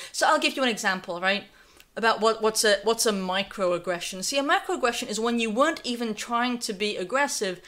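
A young woman with a North Carolina accent hosts a live stream of political commentary. Her delivery is conversational and sarcastic, and she reads viewer messages aloud as she goes. Her voice sits at a middle pitch for a woman. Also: fairly bright tone. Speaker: livestream host.

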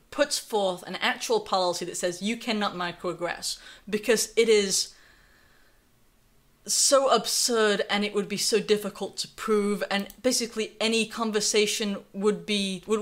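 A young woman with a North Carolina accent hosts a live stream of political commentary. Her delivery is conversational and sarcastic, and she reads viewer messages aloud as she goes. Her voice sits at a middle pitch for a woman. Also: fairly even intonation, moderate pace. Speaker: livestream host.

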